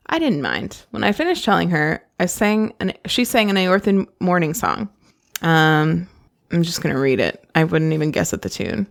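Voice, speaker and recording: A woman podcast host reading a novel aloud and breaking off with gushing, excitable asides. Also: lowish voice, normal speed, gravelly.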